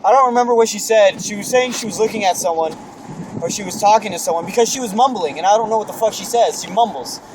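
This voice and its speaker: A man's voice: high voice, quick pace, background noise. A young man rambling through a spooky story in casual chat, swearing a lot, recorded outdoors.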